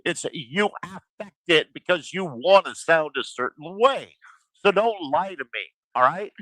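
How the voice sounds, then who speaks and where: A man lectures a fellow caller on a call-in panel, pressing each point again and again. His voice sits a little high with a sharp, bright edge, and the sound is dry and close. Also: expressive, unhurried, no room sound, poor audio. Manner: lecturing, forceful, repeats himself. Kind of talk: heated panel argument.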